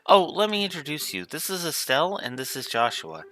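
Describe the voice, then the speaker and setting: A man's voice: a little high, big pitch swings, brisk, pushed and bright, voice pushed up. A man doing an eager young girl mechanic. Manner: eager and polite.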